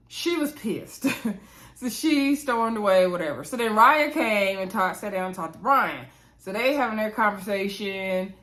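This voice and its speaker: A woman's voice: medium pitch, bright, forceful tone. Chatty woman gossiping through a recap. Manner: chatty, gossipy, playful asides; frequent fillers and quick laughs. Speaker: reality TV reviewer. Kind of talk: casual recap review.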